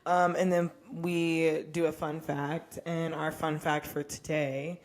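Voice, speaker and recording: A woman's voice: low voice, little pitch movement, slow pace. A young woman co-hosting a casual podcast, talking candidly and with profanity, often laughing. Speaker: podcast co-host.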